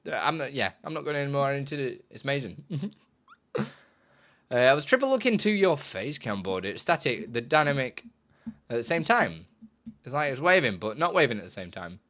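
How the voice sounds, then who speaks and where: Bright-voiced streamer man, rambling. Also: mid-range voice, big pitch swings, normal speed. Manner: rambling, self-correcting, laughs often. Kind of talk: casual live-stream chat.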